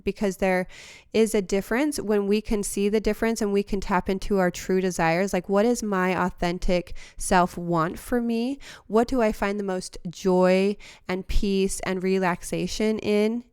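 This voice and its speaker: A woman hosts a reflective podcast, talking through her thoughts in an earnest, heartfelt way. Her voice is smooth and clear at a medium pitch. She is recorded close on a studio mic in a dry, quiet room. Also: no room sound. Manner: earnest and heartfelt, with a few soft laughs and restarts. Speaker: podcast host. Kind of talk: reflective motivational monologue.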